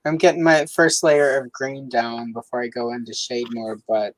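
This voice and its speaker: A woman's voice: normal speed, no room sound, low-quality recording. Chatty woman hosting a coloring livestream. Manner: chatty, filler-heavy, lively swings in pitch. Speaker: livestream host. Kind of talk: casual chat while coloring.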